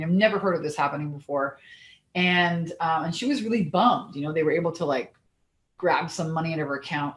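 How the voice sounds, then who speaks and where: Fired-up woman coach, pretty low voice, swears casually, echoey room. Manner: energetic, blunt, swears casually. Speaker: business and mindset coach. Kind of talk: motivational vlog talk.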